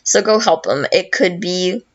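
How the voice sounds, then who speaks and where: A woman's voice: on the low side, unhurried, lo-fi sound. A woman voicing a bossy queen of the underworld from a video game, offhand and crude.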